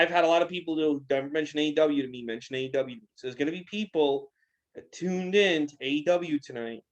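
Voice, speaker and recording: A man's voice: a little high, fairly bright tone, poor audio. A young man in a casual post-show chat, giving blunt, critical opinions with many filler words. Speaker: podcast co-host.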